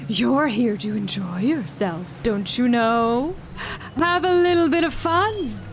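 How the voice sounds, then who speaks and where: A woman voicing the slow, luring voice of an eerie talking ocean in a video game. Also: fairly high pitch, expressive, slight background noise. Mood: eerie coaxing.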